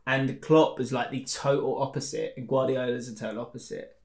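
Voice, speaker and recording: A man co-hosting a podcast, chatting casually and quickly, often laughing. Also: medium pitch, level tone, darkish tone, roomy sound. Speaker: podcast co-host. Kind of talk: casual chat.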